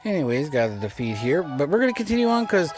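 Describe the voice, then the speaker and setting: A man's voice: a little high, very animated, fast talker. Rambling man narrating his gameplay. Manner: rambling, repeats and restarts himself. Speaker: let's play commentator. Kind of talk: casual gameplay commentary. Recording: game music audible underneath. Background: game music.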